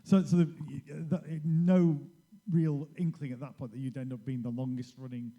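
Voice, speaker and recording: A man's voice: mid-range voice, little pitch movement, moderate pace, muffled recording. A man hosting a convention panel, asking long, stumbling questions. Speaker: panel host. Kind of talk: interviewing guests on stage.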